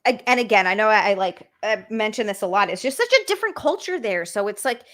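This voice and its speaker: A woman's voice: medium pitch, expressive, fast talker, a bit bright. A woman from Hawaii hosting a casual comedy podcast stream, giggling often and reading chat comments aloud.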